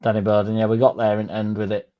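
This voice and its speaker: A man hosting a fan livestream, rambling through deadpan jokes and chatting to the chat. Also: fairly low pitch, quick pace, phone-quality sound. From Leeds, England. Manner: rambling deadpan joking, dropped articles. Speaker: fan channel livestream host. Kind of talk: casual livestream chat reading the chat.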